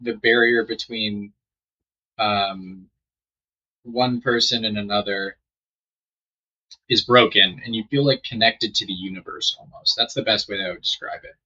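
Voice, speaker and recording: A young man with an intensely bright, sharp-edged voice rambles through a story, swearing and losing his train of thought. The sound comes through a dull, lo-fi mic. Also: fairly low pitch, steady tone, a little slow, pauses often, slightly rough. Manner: rambling, swearing, trailing off mid-sentence. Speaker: storytelling gamer. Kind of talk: casual storytime while playing a game.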